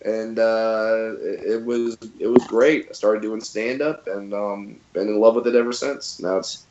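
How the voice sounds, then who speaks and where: A man in his thirties, a comedian telling stories as a guest in a casual interview, relaxed with lots of fillers and restarts. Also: fairly low pitch, a little slow, roomy sound, muffled recording, background noise.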